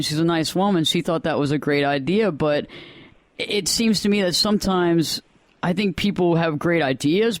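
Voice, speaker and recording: A man hosting a radio interview, telling stories in a lively, animated way. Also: fairly high pitch, no room sound. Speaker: radio show host. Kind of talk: casual interview chat.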